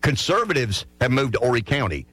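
A man's voice: medium pitch, very animated, fairly quick, a bit bright, no echo, faint music behind. A man from South Carolina hosting a call-in radio talk show, talking earnestly and often restarting his sentences. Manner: earnest, stammering restarts when making a point. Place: radio studio.

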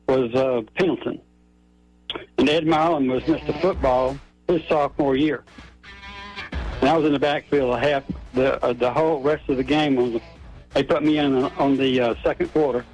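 An older man calling in to a radio show, rambling and halting as he tells his story. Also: medium pitch, fairly even intonation, a little mellow, soft background music, rough recording. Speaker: radio caller. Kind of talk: casual phone-in chat.

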